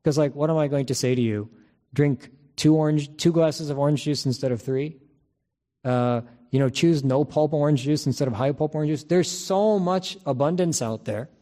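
A man giving a spiritual lecture in a measured, teaching manner, often repeating key phrases and restarting sentences. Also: on the high side, mellow. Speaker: religious teacher.

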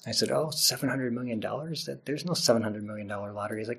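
A man's voice: medium pitch, fast talker, gravelly, few pauses, a bit bright, husky. A middle-aged man giving an informal Friday sermon as an imam, chatty and laughing often at himself. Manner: chatty, laughs often, self-deprecating asides.

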